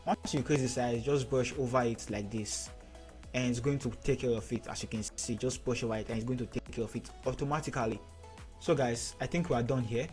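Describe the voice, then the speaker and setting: A man teaching photo editing in a screen-recorded tutorial, giving steady step-by-step instructions and repeating key points. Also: mid-range voice, a little fast, faint music behind.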